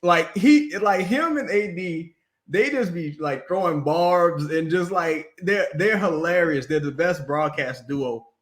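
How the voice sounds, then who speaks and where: A man co-hosting a sports podcast in casual talk, animated and laughing often. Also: fairly high pitch, a little slow. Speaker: podcast co-host.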